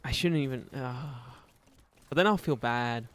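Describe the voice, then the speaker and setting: A man's voice: mid-range voice, measured pace. A young man streaming a game and chatting with viewers, rambling, laughing often and acting out both sides of imagined conversations. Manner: rambling, self-mocking, laughs a lot. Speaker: gaming streamer. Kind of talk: casual live-stream chat reading viewer comments.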